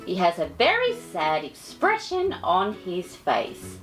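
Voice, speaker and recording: Slow, sing-song woman reading a storybook. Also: lowish voice, wildly swooping pitch, faint music behind. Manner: theatrical, affectionate asides to listeners. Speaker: children's storyteller host. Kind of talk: children's picture book read-aloud.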